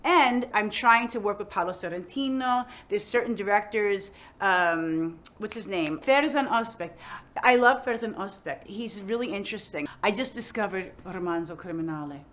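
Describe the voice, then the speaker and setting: A middle-aged woman, an actress chatting casually in an interview, animated and full of "like" fillers. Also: medium pitch, normal speed. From United States.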